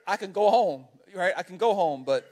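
A man preaching a sermon as an animated, conversational storyteller who keeps checking in with the congregation by asking "right?". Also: sits high, moderate pace. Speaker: pastor.

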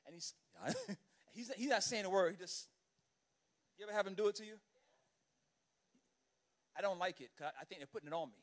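A man with a noticeably high voice delivers a sermon in the manner of a storyteller. He talks conversationally and animatedly, peppering his lines with "right?" and "you know what I mean?" to pull the congregation along. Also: brisk, pauses often. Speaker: pastor.

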